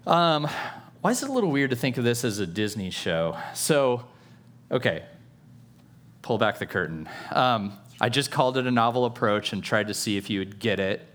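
A man's voice: mid-range voice, lively intonation, moderate pace, fairly bright tone. Playful conversational preacher man. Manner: playful, self-aware humor, conversational asides. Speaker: pastor. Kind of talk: sermon.

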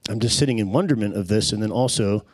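Man, 40s, earnest testimony speaker, lowish voice, dry close sound. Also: fast, dry recording. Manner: earnest, reflective, searching for words. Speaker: speaker sharing a personal testimony. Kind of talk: personal testimony storytelling. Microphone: handheld microphone.

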